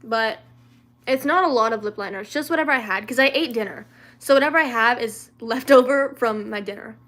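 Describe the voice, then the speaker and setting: A woman's voice: fairly high pitch, a little fast, a bit bright. A young woman from the American South chatting casually on a livestream, answering viewer questions with lots of fillers, restarts and giggles. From Louisiana, raised in the American South.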